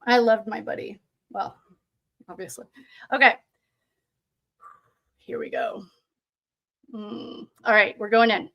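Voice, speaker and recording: A woman's voice: mid-range voice, steady tone, takes it slowly, vocal fry, long pauses, muffled recording. A young woman hosting a tarot channel, chatting casually with her live viewers in a giggly, self-deprecating way. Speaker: tarot reader and channel host. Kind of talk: casual livestream chat.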